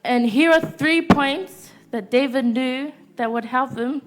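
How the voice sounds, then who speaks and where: A woman's voice: sits high, slow. A teenage girl preaching a youth-service sermon in a church, stopping to ask the congregation "Amen?" after nearly every point. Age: teens.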